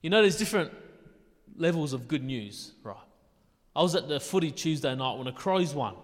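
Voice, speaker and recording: A man preaching a sermon in a casual, conversational way, with quick asides. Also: a little high, expressive, big-room sound. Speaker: pastor.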